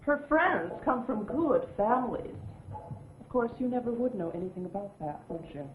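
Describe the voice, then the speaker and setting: An actress playing a defiant, sharp-tongued wife and mother in a 1970s film. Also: on the high side, lively intonation, normal speed, lightly acted. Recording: echoey lo-fi film audio with faint hiss.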